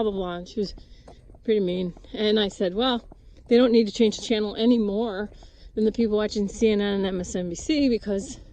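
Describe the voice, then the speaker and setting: A woman's voice: medium pitch, dark tone. A woman vlogger telling a rambling casual story with many restarts and asides while she does chores outdoors on a farm. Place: outdoors at a farm with goats and chickens.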